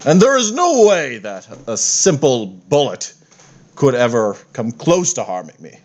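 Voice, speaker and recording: A man's voice: mid-range voice, big pitch swings, a little slow. A man voicing a pompous, boastful male villain who calls himself a god, declaiming grandly and theatrically in a tabletop game.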